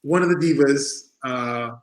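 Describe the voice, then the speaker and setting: A man who is a podcast guest and former wrestler, telling animated anecdotes in casual chat and acting out other people's voices. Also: medium pitch, unhurried. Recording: roomy echo.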